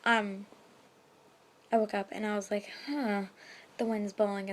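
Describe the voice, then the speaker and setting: Young woman chatting quietly at night. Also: medium pitch, little pitch movement, normal speed, pauses often. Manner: chatty, many fillers, drops to whispers. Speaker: vlogger. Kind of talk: casual storytelling vlog. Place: bedroom at night, window open. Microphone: phone camera.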